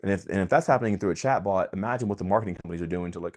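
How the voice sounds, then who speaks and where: A man giving an impassioned, preachy monologue as the host of his own channel. He talks emphatically, swinging between loud bursts and quiet asides. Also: deep voice, rapid-fire. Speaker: vlogger host.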